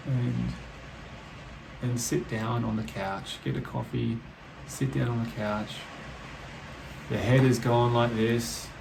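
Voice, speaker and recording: A man hosting a reflective solo podcast, talking slowly and thoughtfully, swearing casually, indoors with heavy rain outside. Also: lowish voice, creaky, background noise. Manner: slow, musing, swears casually. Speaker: podcast host. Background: rain ambience.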